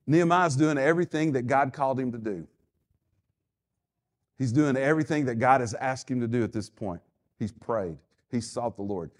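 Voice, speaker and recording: A pastor preaching a sermon with emphatic, repetitive phrasing and call-and-response to the congregation. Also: male voice, mid-range voice, normal speed.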